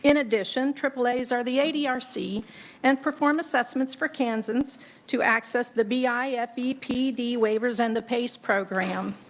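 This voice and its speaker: Woman reading formal testimony, slightly high voice. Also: a little hiss or hum. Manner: measured and formal. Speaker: agency representative testifying to a legislative committee.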